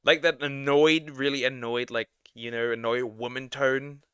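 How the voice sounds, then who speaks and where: A man's voice: mid-range voice, steady tone, normal speed, a bit bright, clean tone, dry recording, studio quality. A man chatting casually as co-host of a reaction stream, rambling with stumbling restarts. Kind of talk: casual chat.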